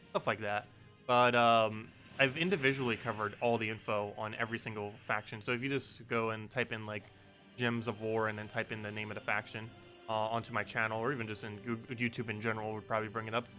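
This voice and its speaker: Man, casual live-stream chat, laid-back, mid pitch, faint background music. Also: sharp tone. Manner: laid-back, chatty, answers chat, laughs at own pronunciation.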